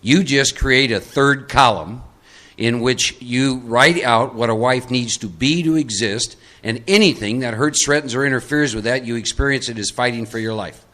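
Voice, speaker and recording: A middle-aged man from Texas holds forth at a live recovery workshop. His voice is bright and forward, and he coaches people from the audience into roles. He drives his points home by repeating them. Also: medium pitch, normal speed. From Texas, USA. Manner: emphatic, repeats key points.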